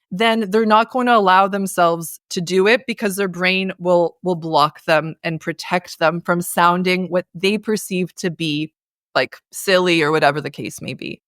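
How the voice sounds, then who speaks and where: A woman consultant talks through voice technique with animated, demonstrative energy, singing out syllables to make her point. Her voice sits in a middle register. The sound is dry and close, recorded for a remote call. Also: mid-range voice, dry recording. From North America. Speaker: voice and communication consultant. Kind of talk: conversational interview, coaching.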